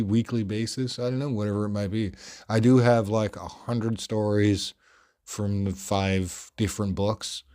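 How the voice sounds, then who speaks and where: A man with an Australian accent hosting a podcast, telling stories in a projected, animated and carefully clear voice, rambling with many fillers. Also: lowish voice. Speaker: podcast host. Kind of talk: storytelling monologue.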